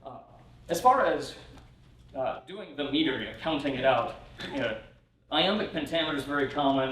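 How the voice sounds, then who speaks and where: A man's voice: medium pitch, expressive, moderate pace, a bit bright, a little hiss or hum. Man, workshop lecturer, casual and chuckling, lots of fillers, distant mic, echoey room. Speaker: pastor teaching a workshop. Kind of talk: conference lecture. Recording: roomy hall from a distant mic.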